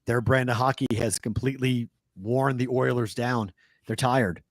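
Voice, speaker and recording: Boston guy co-hosting a betting show; loose, animated, self-correcting, dry mic. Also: medium pitch, normal speed, no room sound. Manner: animated, thinks aloud and corrects himself. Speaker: sports betting show co-host. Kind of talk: casual sports talk.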